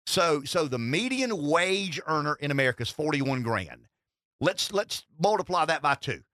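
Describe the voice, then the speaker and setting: A man holds the mic on a talk radio show. His voice is higher than most men's, bright and very lively. He repeats himself as he talks, close and dry on a studio headset. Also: moderate pace, no echo. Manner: animated, repeats words and restarts often.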